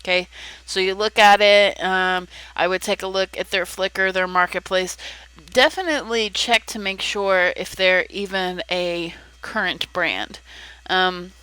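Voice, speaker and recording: A woman's voice: fairly low pitch, a little slow, bright, forceful tone, clean tone, poor audio. A young woman giving casual advice in a tutorial vlog, chatty, with frequent ums and restarts. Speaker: content creator giving advice.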